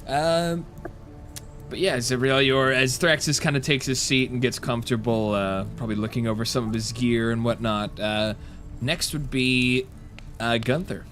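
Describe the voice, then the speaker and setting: A man's voice: medium pitch, moderate pace, faint music behind. Laid-back male game master. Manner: relaxed, filler-heavy narration. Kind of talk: narrating a tabletop game.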